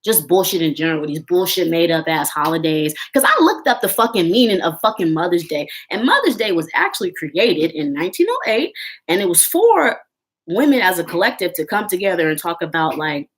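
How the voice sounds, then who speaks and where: A woman's voice: lowish voice, very animated, fairly quick. A woman in her twenties, ranting bluntly and heatedly to camera and swearing constantly. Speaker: vlogger.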